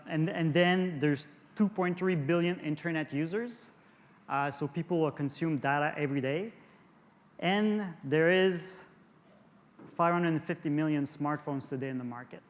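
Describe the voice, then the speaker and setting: At an industry conference, a man with a French Canadian accent and a fairly high voice gives a presentation, stumbling, restarting and repeating words. The long reverb of a large hall rings around his speech.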